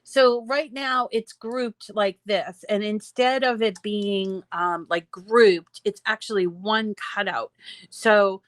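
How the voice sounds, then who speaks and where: Slow, chatty woman teaching a craft. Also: medium pitch, steady tone, no echo. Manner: chatty, explains step by step with fillers. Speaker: craft tutorial host. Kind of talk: screen-share craft tutorial.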